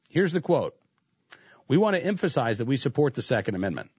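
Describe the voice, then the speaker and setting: A man's voice: medium pitch, big pitch swings, a little fast, a little mellow, husky, no room sound. A man hosting a talk radio show, commenting with sarcasm and mocking the quotes he reads. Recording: dull lo-fi sound, dry.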